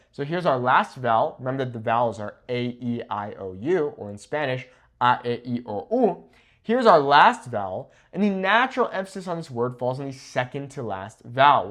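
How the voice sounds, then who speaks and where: A young man gives a Spanish grammar lesson at a whiteboard in a fairly high voice. His pitch jumps around a lot as he talks, and he slows right down to say each example clearly. He checks in with his students after nearly every example. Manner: lively, repeats "okay?" after each example; slows down to model Spanish pronunciation. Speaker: Spanish teacher.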